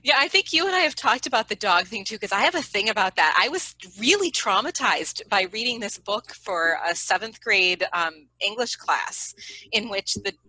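A woman's voice: mid-range voice, normal speed, rough recording. A woman podcast host chatting casually and emphatically with her guest. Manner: animated, emphatic. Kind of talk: casual chat.

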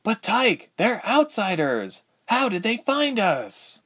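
A man voicing a timid, anxious young woman in a storybook reading, speaking in a high, fretful voice. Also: huge pitch swings, takes it slowly, a bit bright, breathy edge, exaggerated voice. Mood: frightened. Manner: fretful, worried pleading.

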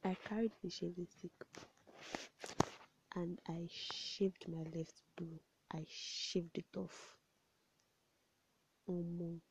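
A young woman, chatting casually to camera in a rambling storytelling way, often dropping to soft asides. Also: fairly low pitch, flat delivery, takes it slowly, long pauses, very noisy. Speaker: vlogger. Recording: dull, lo-fi home recording.

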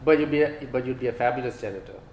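A man's voice: mid-range voice, racing, gravelly, a little mellow. A man in casual podcast chat, joking and laughing often, trailing off and restarting. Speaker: podcast guest. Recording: echoey room, faint hum.

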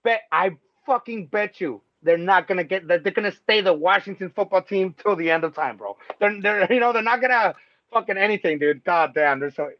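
A man hosting a casual sports podcast, talking loosely and excitably, swearing freely and laughing often. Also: sits high, brisk. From Mexico. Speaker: podcast host. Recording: dull lo-fi sound, dry.

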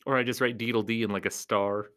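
A man who works as a clown entertainer, chatting casually and playfully in a rambling vlog, often jumping into high silly tones. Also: steady tone, fast, a bit bright, smooth.

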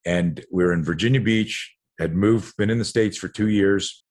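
A Canadian man in his sixties speaks at normal speed in a lowish, darkish voice. As a podcast guest, he tells stories with energy, acts out what other people said, and often repeats words mid-sentence.

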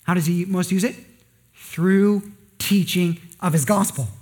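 A male pastor preaching a conversational sermon with joking asides and quick rhetorical questions. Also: high-pitched, fairly even intonation, darkish tone.

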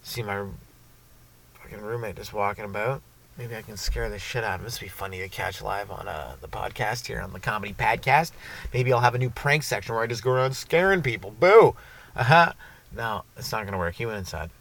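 A young man hosting his own comedy podcast, rambling through profane stories and rants with sudden loud bursts. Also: lowish voice, fast talker, vocal fry. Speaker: stand-up comedian and podcast host.

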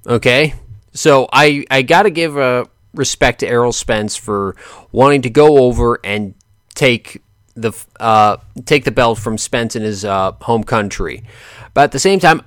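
A man's voice: mid-range voice, a bit bright, no echo, studio quality. A man giving casual boxing commentary in a rambling, joking way, often correcting himself and laughing.

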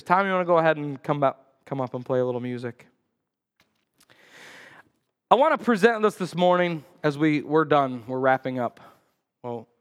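A man preaching a sermon as pastor, telling a story with lively acted-out quotes and sudden loud cries. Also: long reverb tail. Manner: animated storytelling, acts out quotes with sudden high outbursts. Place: church sanctuary.

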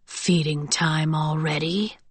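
A woman voicing a sly, menacing male wolf-hybrid soldier in a lowered, mocking voice. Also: steady tone, slow pace, slightly rough.

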